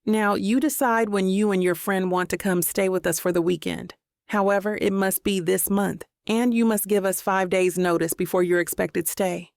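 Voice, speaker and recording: A woman's voice: mid-range voice, steady tone, normal speed, creaky, no room sound, studio quality, lightly acted. Woman reading a cheerful resort salesman. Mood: upbeat. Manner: warm, upbeat sales patter.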